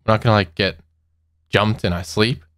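A man's voice: lowish voice, fairly even intonation, normal speed, fairly bright tone, no echo, clean studio sound. A young man giving casual let's-play commentary, nervous and giggly, talking to the monsters he meets. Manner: nervous, giggly, talks to mobs. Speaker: gaming youtuber.

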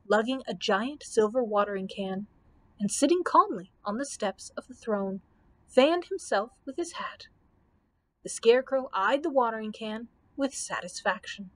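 A woman librarian reading a children's storybook aloud in an expressive, steady way. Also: on the high side, normal speed.

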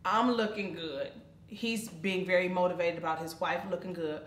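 A woman, co-hosting a faith and family talk show and telling a story with animated, dramatic flair. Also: fairly low pitch, normal speed, a little hiss or hum. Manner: animated, dramatic retelling with loud shrieks. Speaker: podcast co-host. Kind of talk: casual storytelling. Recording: echoey room.

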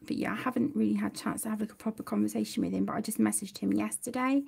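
A woman's voice: medium pitch, steady tone, very fast, creaky, a little mellow, slightly rough. A young woman hosting a colouring livestream from home, chatting and reading out viewer comments. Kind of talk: casual livestream chat.

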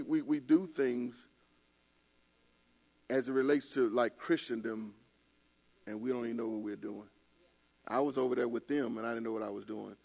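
A man's voice: mid-range voice, vocal fry. An older man preaching a casual sermon, telling stories in a loose colloquial way with laughing asides. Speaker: pastor. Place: church.

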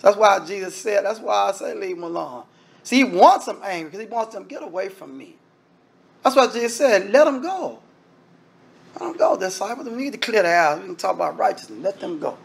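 A man's voice: sits high, fast talker, creaky, breathy edge. A man preaching a sermon in an emphatic, conversational style, speaking straight to the congregation.

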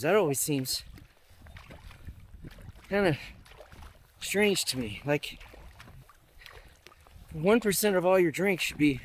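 A man's voice: high voice, a little hiss or hum. A man vlogging from a river while paddling, chatting casually and thinking aloud with lots of asides. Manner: thinks aloud, rambling, many fillers and asides. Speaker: vlogger training for a river race. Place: outdoors on a river in a kayak.

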